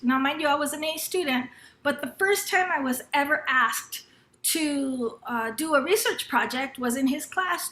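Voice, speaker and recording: A high, bright woman's voice, middle-aged and from Los Angeles, recounts a personal story at an educators' event. She talks loosely, with fillers and restarts, and acts out a teacher's lines. The sound has a noticeable room echo. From Los Angeles, United States. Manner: conversational, with frequent fillers and restarts. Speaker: panel speaker at an educators' summer institute.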